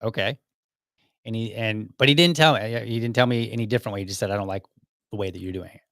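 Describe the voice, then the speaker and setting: A man's voice: fairly low pitch, fast talker, fairly bright tone, dry recording, clean studio sound. A man hosting his own podcast, casually telling a personal work story, acting out bits of dialogue and chuckling along the way. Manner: anecdotal, acts out quoted dialogue, chuckles often. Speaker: podcast host.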